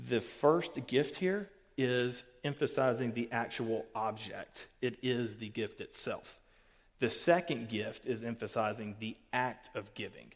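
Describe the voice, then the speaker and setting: A man's voice: medium pitch, a little slow. A man gives a casual Bible teaching as a pastor, often checking in with "okay" and "all right". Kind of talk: recorded Bible teaching to camera. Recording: long hall reverb.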